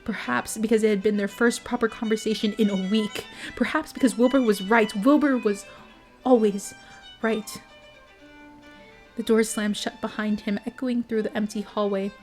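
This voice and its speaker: A woman's voice: mid-range voice, moderate pace, faint music behind. Woman reading a bedtime story. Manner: steady, expressive reading with small slips.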